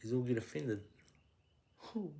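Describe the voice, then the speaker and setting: A man, a podcast guest, ranting in blunt, profane, emphatic conversation that swings up into shouting. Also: medium pitch, lively intonation, measured pace, vocal fry. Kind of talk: heated conversational rant.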